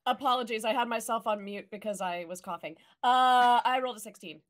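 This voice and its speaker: A woman's voice: a little high, brisk. A woman player in an online tabletop game, chatting casually and explaining what her character does.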